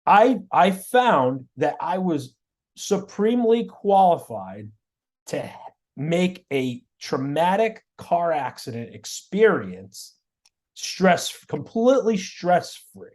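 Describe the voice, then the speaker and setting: A man, a guest on an interview show, tells his stories in an animated way and often repeats words and restarts mid-sentence. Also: a little high, takes it slowly. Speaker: guest, auto body shop owner. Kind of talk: storytelling in a podcast interview.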